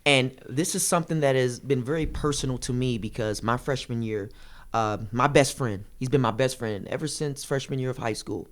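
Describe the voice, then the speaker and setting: Impassioned young man in a student debate. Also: medium pitch. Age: young adult. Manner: impassioned, repeats phrases for emphasis; rapid, rushing delivery. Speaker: student government candidate. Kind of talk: debate answer.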